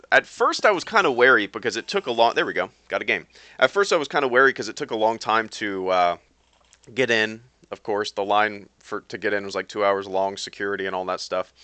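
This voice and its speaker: While gaming on a live stream, a man rambles to his viewers, full of fillers and false starts. His voice sits on the low side but sounds pushed and bright, with no echo.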